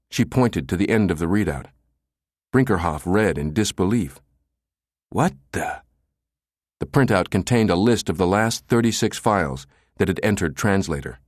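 Deep man narrating an audiobook. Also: no echo, studio quality.

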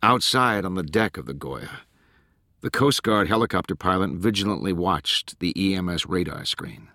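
Bright, low-voiced male narrator. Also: normal speed, dry recording, studio quality. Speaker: audiobook narrator. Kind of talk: scripted narration.

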